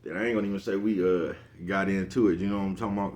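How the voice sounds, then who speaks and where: Fast-talking low-voiced man rambling. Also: fairly even intonation, a little mellow, a little hiss or hum. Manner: rambling, repeats "you know what I'm talking about"; laughs at his own jokes. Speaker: vlogger. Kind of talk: casual monologue.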